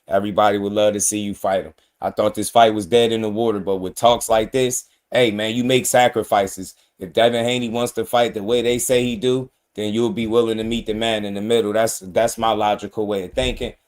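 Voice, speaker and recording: A man's voice: on the low side, little pitch movement, fairly quick, few pauses. Emphatic man ranting about boxing. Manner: emphatic, repetitive, addresses fighters directly. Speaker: boxing commentary host. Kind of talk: casual opinion commentary.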